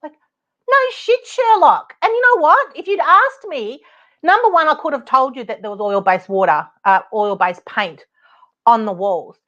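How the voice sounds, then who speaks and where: A middle-aged woman with an Australian accent, hosting a podcast and telling a story in a casual, animated, exasperated way, laughing often and swearing now and then. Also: on the high side, normal speed. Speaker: podcast host, property advocate. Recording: dull lo-fi podcast audio.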